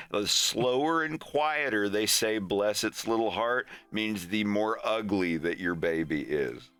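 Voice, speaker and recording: Man, smooth bright voice, playful joker in group chat. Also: lowish voice, dry recording. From American South. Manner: joking, playful. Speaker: stream guest. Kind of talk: casual chat.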